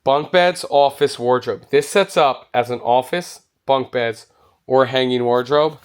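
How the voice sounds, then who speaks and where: Excitable male RV reviewer, unhurried. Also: medium pitch, clean tone. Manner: enthusiastic, exclaiming. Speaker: RV reviewer touring a show. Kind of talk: walkthrough vlog. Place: indoor RV show hall.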